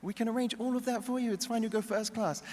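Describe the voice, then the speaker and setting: A man's voice: extremely high pitch, fairly even intonation, quick pace, darkish tone, pitched above the performer's own voice. A man voicing an exasperated grown son who keeps insisting and reassuring his mother, in a hall with a long echo. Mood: insistent.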